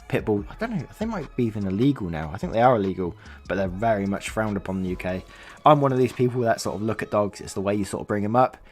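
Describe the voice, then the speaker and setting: A man reading an online story aloud, then rambling in chatty asides that keep interrupting themselves. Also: on the low side. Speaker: story channel narrator.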